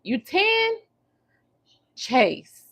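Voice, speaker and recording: A woman's voice: very high voice, sing-song, extremely slow, fairly bright tone. A woman hosting a casual livestream, chatting and teasing her viewers while she works on her hair. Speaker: livestream host.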